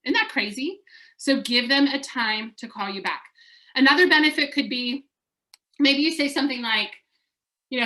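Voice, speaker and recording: A woman's voice: high voice, expressive, moderate pace, long pauses, sharp tone. A woman coaching real estate agents in an upbeat, chatty way, acting out sample voicemails as she teaches.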